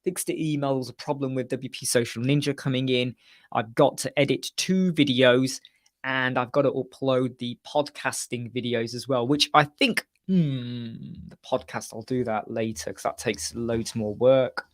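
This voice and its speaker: Male live-chat host, chatty and jokey, mid-pitched, dry close sound. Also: fairly even intonation, moderate pace, dry recording. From United Kingdom. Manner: chatty, jokey, answers viewers by name. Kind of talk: casual live-stream chat.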